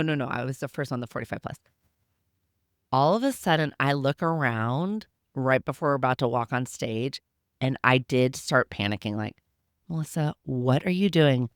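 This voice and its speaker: A woman in her fifties, a podcast host telling a personal story in a chatty, animated way with many restarts. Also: on the low side, no room sound, clean studio sound. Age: 50s. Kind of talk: casual storytelling to listeners.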